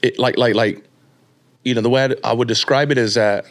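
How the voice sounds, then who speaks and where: This late-thirties man, appearing as a podcast guest, has a mid-range voice and a brisk pace. He tells his story in a slangy, casual, animated way while acting out those he quotes.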